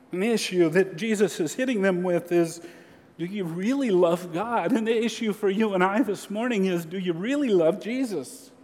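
A man preaching a sermon as a pastor, earnest and measured, with slow emphatic pauses. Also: sits high. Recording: long hall reverb.

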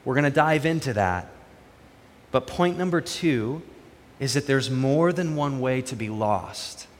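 A man's voice: mid-range voice, lively intonation, measured pace, in a large hall. A man preaching a sermon as pastor, moving between earnest prayer and conversational storytelling.

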